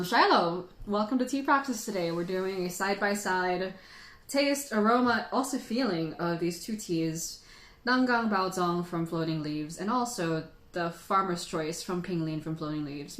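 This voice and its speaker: Chatty woman in a roomy echo. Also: mid-range voice. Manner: rambling, chatty, laughs often. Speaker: tea livestream host. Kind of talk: casual livestream chat.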